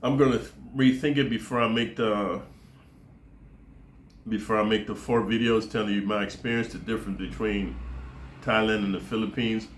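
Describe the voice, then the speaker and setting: Brief: American male vlogger, lowish voice, loose profane rambling, roomy echo. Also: steady tone, moderate pace, slight background noise. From United States. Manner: rambling, profane, peppers speech with dude and man. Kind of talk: casual to-camera monologue.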